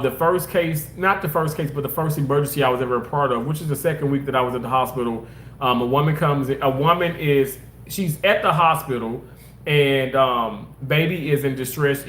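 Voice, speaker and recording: A man casually telling personal stories in an animated, rambling way, repeating himself for emphasis. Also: medium pitch, reverberant, slight background noise. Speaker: former hospital surgical worker.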